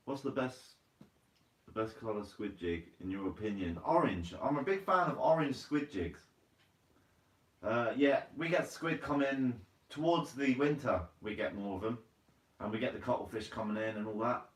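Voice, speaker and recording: A man's voice: fairly low pitch, recorded from a distance. A man hosting a fishing channel live stream, reading viewer comments aloud in a casual, chatty way and calling people mate. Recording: roomy, from away from the mic.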